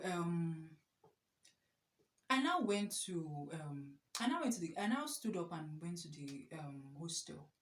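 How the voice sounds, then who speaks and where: A young woman telling an animated, exclamatory storytime story. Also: lowish voice. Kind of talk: casual storytime. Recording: echoey room.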